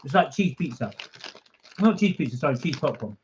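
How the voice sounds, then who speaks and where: A man co-hosting a live vlog stream, eager and chatty, talking between mouthfuls of a snack. His voice sits a little above the usual male pitch. The audio is dull and lo-fi, with a home streaming feel. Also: big pitch swings, brisk, slight background noise. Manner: eager, snacking while talking, reads viewer comments aloud. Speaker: vlog co-host. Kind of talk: casual live-stream chat.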